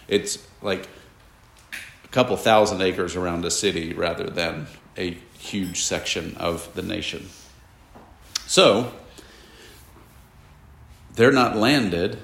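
A man's voice: sits low, creaky. A man teaching a classroom Bible lesson, explaining at length and asking his students questions, with casual asides. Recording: echoey room.

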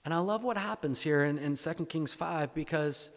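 Male pastor, conversational sermon, fairly high voice, long hall reverb. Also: moderate pace. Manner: conversational, repeats words, rhetorical questions. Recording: echoey hall.

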